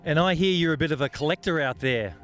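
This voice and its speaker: A man's voice: a little high, fast, a bit bright, faint music behind. Bossy man coaching footy. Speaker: host teaching Aussie rules football. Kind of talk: comedic coaching banter.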